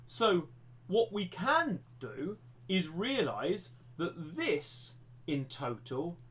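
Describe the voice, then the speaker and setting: Male maths teacher on a live stream, voice a touch high, friendly and rambling, self-mocking asides. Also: big pitch swings, drawn-out words, fairly bright tone. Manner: chatty, self-deprecating, thinks aloud with restarts.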